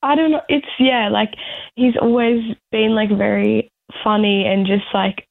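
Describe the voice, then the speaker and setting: A young woman chats on the radio, giggly and peppered with "like" fillers. Her voice sits a little high with a gravelly fry. The sound is dull and lo-fi. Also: steady tone, unhurried. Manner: chatty, giggly, full of "like" fillers. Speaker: radio guest. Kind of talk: casual chat.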